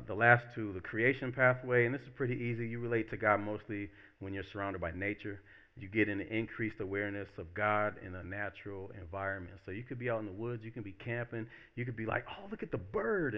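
Casual preaching pastor, lo-fi sound. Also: male voice, on the low side, steady tone, a little fast. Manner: conversational, acts out quoted voices. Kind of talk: casual sermon.

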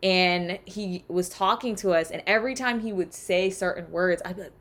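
A woman's voice: mid-range voice, normal speed, a bit bright. A woman from the South, talking through ideas in a casual, reflective solo podcast. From Southern United States. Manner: conversational, reflective, with rhetorical asides. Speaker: podcast host.

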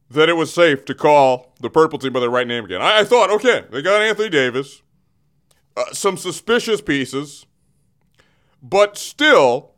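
Speaking a little high and fast, with expressive delivery and a slightly bright tone, this man hosts a comedic sports segment. He rants in character from a radio studio on a studio mic, theatrical, cutting himself off and frequently giggling.

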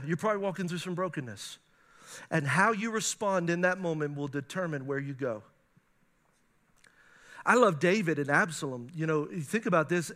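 A male pastor preaching to a congregation in an animated style, with playful asides and laughter. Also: sits high. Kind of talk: sermon. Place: church before a congregation.

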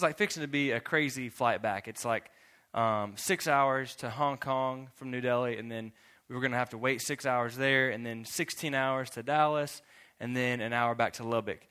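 A man's voice: medium pitch, a bit bright, clean tone. A young man from Texas giving a casual sermon as youth pastor, laughing often and acting out both sides of conversations in his story.

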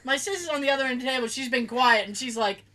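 A woman co-hosting a podcast, telling a family story in a casual, animated way, swearing freely and acting out her relatives' voices. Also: high voice, rapid-fire. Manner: animated, profane, acts out family members' voices. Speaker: podcast co-host.

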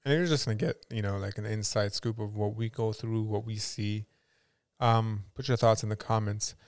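A man's voice: fairly low pitch, fairly even intonation, normal speed, a little mellow, no room sound, clean studio sound. A man co-hosting a podcast, telling a long story in casual chat with many fillers and restarts. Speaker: podcast co-host.

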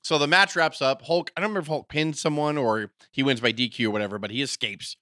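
A man retelling a story in casual podcast chat, animated and acting out what people said. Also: medium pitch, fast talker, no echo, clean studio sound.

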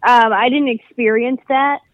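A woman with a high voice speaks haltingly as a podcast guest. She stops and restarts often and searches for words. The sound is dry and close. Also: steady tone, no room sound, phone-quality sound. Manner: hesitant, halting, many fillers. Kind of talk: casual chat.

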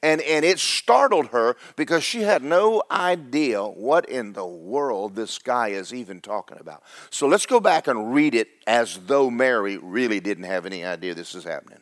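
A man's voice: mid-range voice, animated, normal speed, few pauses, no echo, studio quality. A man preaching a sermon, folksy and storytelling, acting out the characters. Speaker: pastor.

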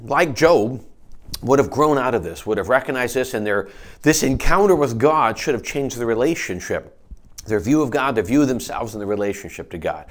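Earnest man preaching a sermon. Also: medium pitch. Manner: earnest, conversational preaching with frequent restarts. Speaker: pastor. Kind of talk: sermon with scripture reading.

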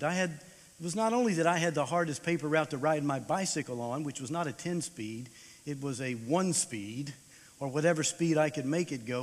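A man in his sixties gives an animated storytelling sermon in a chapel, swinging between loud bursts and hushed tones. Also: a little high. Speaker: chapel speaker. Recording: long hall reverb.

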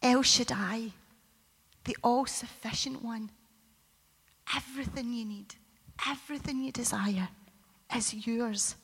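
A woman preacher voicing God as a gentle, reassuring male presence, speaking softly and often in a whisper. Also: a little high, slow pace, long pauses, husky, exaggerated voice. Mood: tender reassuring. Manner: soft, hushed, often whispered. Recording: reverberant hall.

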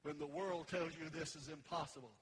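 A pastor preaching a sermon in a church, swinging between loud fervent preaching and soft sung lines, out of breath. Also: male voice, on the high side, steady tone, brisk, slightly rough, poor audio.

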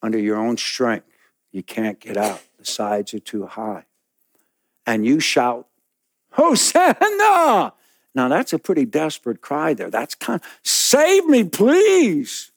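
A pastor preaching a sermon, telling a story dramatically and acting out the people in it. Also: male voice, medium pitch, slightly rough, no echo, clean studio sound.

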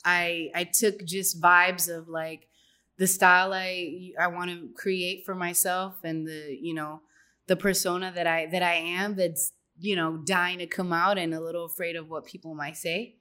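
Chatty woman, low voice, laughing. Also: flat delivery, measured pace, sharp tone. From Dominican heritage. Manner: chatty, laughs often, many fillers and restarts. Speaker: guest. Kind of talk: casual interview chat.

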